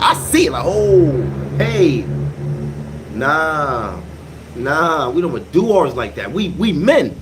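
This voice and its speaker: An animated man speaks in a casual monologue, his voice pitched fairly high and swinging widely up and down. He talks emphatically in slang and repeats his points. Faint background noise runs under the recording.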